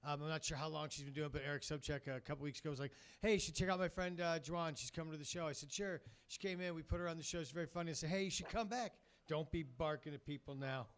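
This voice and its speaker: A man's voice: a little high, very fast, few pauses, smooth. A man hosting a comedy show, introducing the next comic in an offhand, chatty way.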